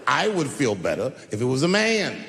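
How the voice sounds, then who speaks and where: A man's voice: medium pitch, normal speed, a faint crowd. A man in his fifties performing a stand-up routine to a live audience, telling stories in a conversational way and jumping suddenly into other voices. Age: 50s. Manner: conversational, animated storytelling with sudden voice shifts. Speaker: stand-up comedian. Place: large live venue with audience. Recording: live hall reverb, faint room noise.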